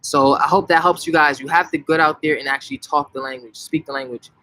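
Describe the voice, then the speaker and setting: A young man, casually answering viewer questions live, emphatic and animated, often restarting his sentences. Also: fairly high pitch, quick pace, dry recording, poor audio. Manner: animated, emphatic, frequent self-corrections and "like". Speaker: language-learning channel host answering viewer questions.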